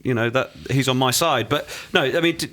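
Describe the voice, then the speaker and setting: Quick-talking man weighing his words. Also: medium pitch, a bit bright. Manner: fast, thoughtful, hedging. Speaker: rugby commentator and journalist. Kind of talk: casual chat.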